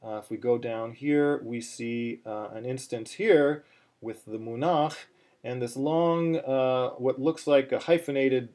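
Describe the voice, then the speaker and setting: Slow, patient man teaching a chant. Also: mid-range voice, darkish tone. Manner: patient, plain explaining with many fillers and restarts, breaking into chant. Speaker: cantillation teacher. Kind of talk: online chanting lesson.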